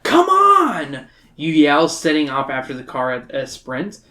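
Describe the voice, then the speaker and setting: A woman's voice: very deep voice, steady tone, moderate pace. A tipsy woman hosting a podcast, reading a story aloud in a loose, joking way and stumbling over words. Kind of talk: tipsy casual read-aloud.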